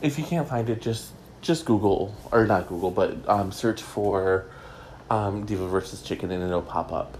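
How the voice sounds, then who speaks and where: A man's voice: lowish voice, normal speed, darkish tone, slight background noise, poor audio. A man hosting a casual solo gossip show from home, chatty and rambling with a self-mocking streak. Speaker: gossip podcast host.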